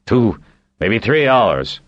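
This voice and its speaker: A weathered old seafarer with a roughened voice, as a male audiobook reader puts him on, sounding deliberate and weighty. The sound is dull and dry. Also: lowish voice, big pitch swings, dry recording, voice pushed up. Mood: urgent. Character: old male sea captain, gruff and seasoned.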